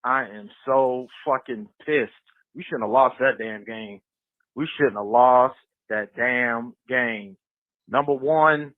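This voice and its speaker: A man's voice: on the high side, dry recording. A man calling in to a podcast, venting angrily about a game loss, cursing heavily in an agitated rant. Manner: profane, heated venting. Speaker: caller. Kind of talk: angry fan call-in rant. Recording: tinny phone line.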